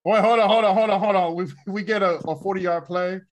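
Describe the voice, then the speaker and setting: A man co-hosting a podcast, excitably leading rounds of casual sports banter. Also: high voice, fairly quick. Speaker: podcast co-host.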